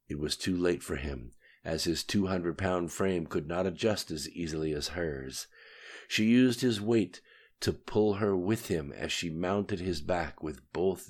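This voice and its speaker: A man narrates an audiobook in a very low voice. His reading is steady and even. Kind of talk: scripted narration.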